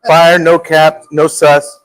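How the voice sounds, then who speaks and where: A man's voice: a little high, takes it slowly, dry recording. A middle-aged man hosting a live show, chatting casually and joking, often repeating his words. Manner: jokey, animated, repeats words. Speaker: host.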